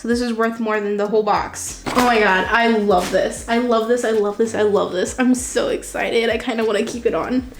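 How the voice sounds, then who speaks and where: A young woman chatting casually while unboxing, excitable and gushing, laughing often. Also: fairly high pitch, normal speed, roomy sound, soft background music. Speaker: vlogger unboxing a subscription box. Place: home room, seated on a chair.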